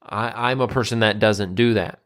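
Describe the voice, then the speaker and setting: A man's voice: lowish voice, steady tone, normal speed, a bit bright. Casual man giving a motivational talk. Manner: casual, conversational, acts out quoted voices. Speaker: nutrition coach and personal trainer. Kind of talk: motivational monologue.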